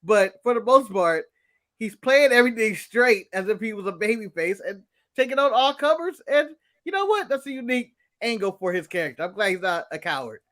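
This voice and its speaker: Man co-host, high voice, slangy and teasing, casual banter. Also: animated, a little fast, fairly bright tone. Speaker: podcast co-host. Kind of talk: casual wrestling recap chat.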